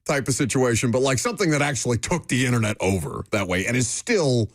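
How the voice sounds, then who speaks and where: A man's voice: mid-range voice, animated, fast, no echo, studio quality. A man hosting a sports radio show, joking and rambling loosely. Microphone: studio microphone.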